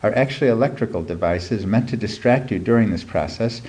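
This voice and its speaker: Middle-aged writer, deep voice, dry wry delivery, reads at a live event with faint noise. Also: male voice, brisk. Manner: dry, wry, with many ums. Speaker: writer reading his piece. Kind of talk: humorous live reading. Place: live reading event before an audience.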